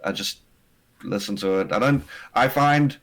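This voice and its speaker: A man's voice: medium pitch, moderate pace, fairly bright tone, poor audio. A man with a South African accent, chatting as a guest on a stream, often hesitating and restarting his sentences between laughs. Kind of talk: casual chat on a stream.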